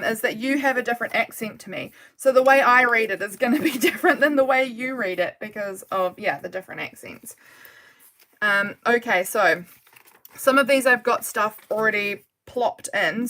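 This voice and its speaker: A woman's voice: on the high side, expressive, moderate pace, bright, forceful tone. A woman hosting a casual craft livestream from her desk at home, chatting in a rambling way and often laughing as she works. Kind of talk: casual live chat while crafting.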